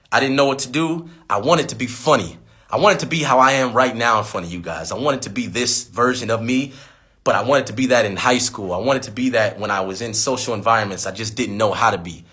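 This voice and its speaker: Man, 30s, bright edgy voice, profane animated storyteller on a phone livestream. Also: mid-range voice. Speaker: rapper on a live stream. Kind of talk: casual livestream talk. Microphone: phone on a live stream.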